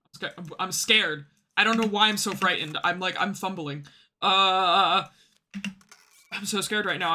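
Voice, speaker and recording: A streamer chatting through a game in a casual, joking way, getting flustered easily and reading on-screen text aloud. The voice is very bright and sharp, at a middle pitch. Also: a little slow, a little hiss or hum. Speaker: gaming streamer. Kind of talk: casual gameplay commentary.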